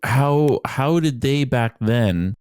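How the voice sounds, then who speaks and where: A man's voice: mid-range voice, lively intonation, slow, darkish tone, clear, resonant tone, no room sound, studio quality. A man co-hosting a podcast, laid-back and chatty, mostly giving short agreeing replies. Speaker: podcast co-host. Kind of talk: casual conversation.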